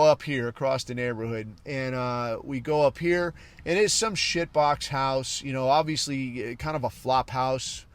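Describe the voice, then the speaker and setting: Podcast host telling a raw war story, cursing freely, pitched a bit high, recorded dry and close. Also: male voice, no echo. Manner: profane, animated, acts out quoted voices. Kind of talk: casual storytelling.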